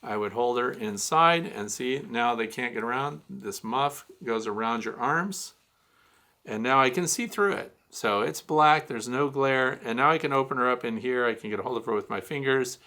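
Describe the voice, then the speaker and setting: Blunt man with a bright voice. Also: medium pitch, moderate pace. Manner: blunt, teasing instructor. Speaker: beekeeping show host. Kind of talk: hands-on gear demonstration.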